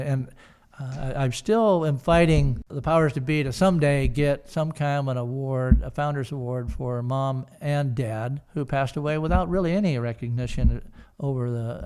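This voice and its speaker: An older man, the guest and son of the founders, tells a long personal story in an interview, rambling with lots of fillers and restarts. His voice is medium in pitch, with a dark but clean tone.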